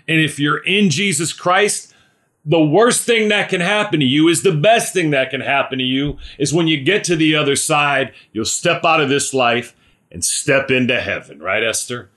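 A man's voice: mid-range voice, pushed and bright. A man preaching a conversational sermon, often asking "right?" and calling on listeners by name.

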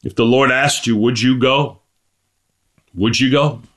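A middle-aged man preaching a sermon, impassioned, reading scripture slowly and climbing to emphatic high peaks. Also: fairly even intonation, fairly bright tone.

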